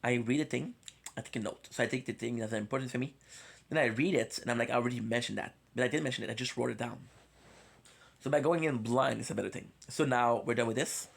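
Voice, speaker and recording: A man's voice: mid-range voice, quick pace, vocal fry. A man streaming casually, rambling between topics with frequent swearing and stuttered, repeated words, sometimes counting aloud as he plays. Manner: counts aloud while playing. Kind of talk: casual live-stream chat.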